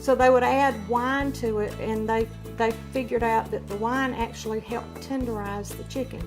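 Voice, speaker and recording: Southern woman, folksy, somewhat high voice, guitar music and frying behind. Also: fairly even intonation, moderate pace. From Southwest Georgia, US. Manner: folksy, explaining steps plainly. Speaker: winery guest. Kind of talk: cooking demonstration.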